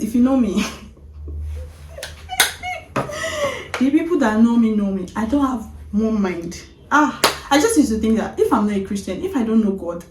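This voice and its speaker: A woman vlogger casually retelling a story, animated, often breaking into laughter. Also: medium pitch, roomy sound, distant mic, low-quality recording.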